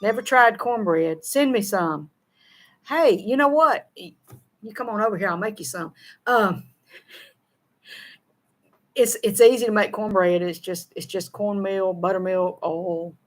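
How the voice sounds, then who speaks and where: Speaking slowly with long pauses, this middle-aged woman from the Southern United States has a medium-pitched voice. As a show co-host she casually reads out viewer comments, folksy and quick to laugh, her words running together.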